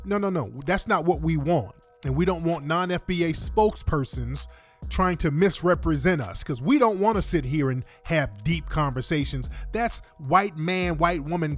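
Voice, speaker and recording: Male radio host, emphatic and repetitive, slightly high voice, faint music behind. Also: normal speed. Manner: emphatic, repetitive, addresses listeners directly. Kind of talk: heated political commentary.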